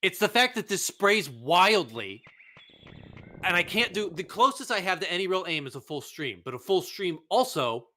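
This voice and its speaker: A man's voice: high voice, big pitch swings, normal speed, bright, forceful tone. A man hosting a let's play, commenting on his gameplay in an exasperated way and swearing often. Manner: exasperated, swearing, frustrated ranting.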